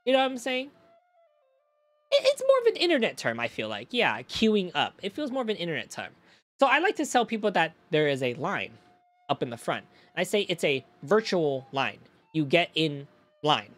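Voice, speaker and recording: Male streamer, casual rambling chat, lively swoops in pitch. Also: moderate pace, soft background music. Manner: animated storytelling, swears, rambling restarts.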